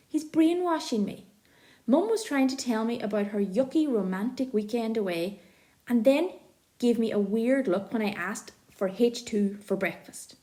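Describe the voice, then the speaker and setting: A woman reads an audiobook in the first person. Her storytelling is lively, her pitch rising and falling freely. The tone is warm and mellow. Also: moderate pace. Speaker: audiobook narrator.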